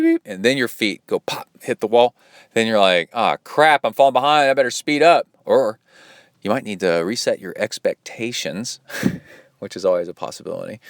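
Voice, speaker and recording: A man's voice: lowish voice, clear, resonant tone, dry recording, studio quality. A man hosting a podcast as a triathlon coach, talking in a rambling, chatty way with plenty of fillers and asides. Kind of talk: casual solo podcast talk.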